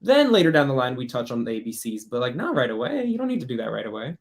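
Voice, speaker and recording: A man's voice: medium pitch, sing-song, quick pace. A man teaching French in a casual online workshop, chatty, laughing often and putting on voices for quoted speech.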